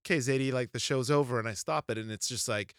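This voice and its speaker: A man's voice: mid-range voice, quick pace, no echo, clean studio sound. A man in his thirties, a podcast co-host, chatting casually and telling rambling stories about parenting a toddler, acting out the quotes as he goes. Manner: rambling, animated storytelling with acted-out quotes. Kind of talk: casual chat.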